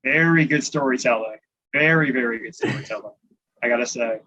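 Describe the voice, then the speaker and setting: A man's voice: medium pitch, fairly quick, pushed and bright, muffled recording. A man hosting a podcast, encouraging his guest and explaining terms for listeners. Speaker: podcast host. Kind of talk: casual chat.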